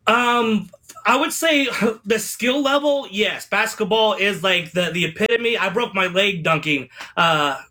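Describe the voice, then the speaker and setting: Man, forties, high voice, bright tone, animated storyteller, radio guest. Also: unhurried. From United States. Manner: animated storyteller, acts out quotes. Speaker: guest, former sports mascot. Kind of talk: casual radio interview storytelling.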